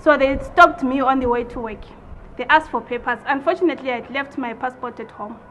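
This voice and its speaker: A woman with a high voice gives a steady, matter-of-fact account in a documentary interview. A faint hiss of background noise runs behind her. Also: brisk, dull audio.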